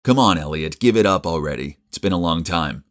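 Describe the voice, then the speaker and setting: Male narrator playing an exasperated young man; deep, firm, everyday voice. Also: lively intonation, brisk. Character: fed-up young man confronting his ex.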